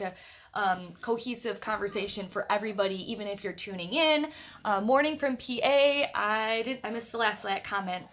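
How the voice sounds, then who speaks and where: Chatting from her grandmother's house, this young book club host greets livestream viewers by name, her talk full of fillers. She has a medium-pitched, slightly bright voice.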